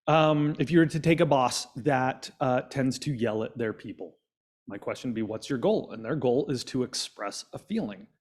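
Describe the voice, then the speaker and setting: A man leading a coaching session on a video call, lively and quizzing his audience. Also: mid-range voice. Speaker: business coach.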